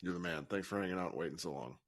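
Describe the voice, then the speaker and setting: A man's voice: low-pitched, rapid-fire, dry recording, clean studio sound. A man hosting a live call-in podcast, chatting casually, joking and laughing as he brings up callers. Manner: animated, laughs and swears, runs the caller queue. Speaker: podcast host running a live call-in show. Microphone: live audio app.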